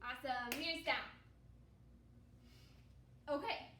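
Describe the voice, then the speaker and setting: A woman teaching second graders, leading a slow, repetitive phonics lesson and cheering them on with upbeat praise. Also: high voice, sharp tone. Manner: upbeat, encouraging, stretches out vowel sounds. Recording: echoey room with faint noise.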